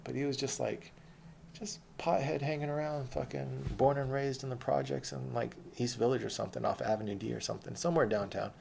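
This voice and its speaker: Fast-talking gravelly man, rambling and profane. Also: mid-range voice, steady tone, darkish tone, a little hiss or hum. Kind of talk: casual autobiographical storytelling.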